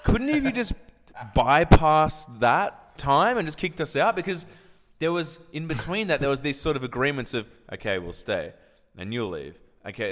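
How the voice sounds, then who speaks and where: A man, rambling and halting through a story in casual podcast chat. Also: medium pitch, a bit bright, long reverb tail. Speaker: podcast co-host.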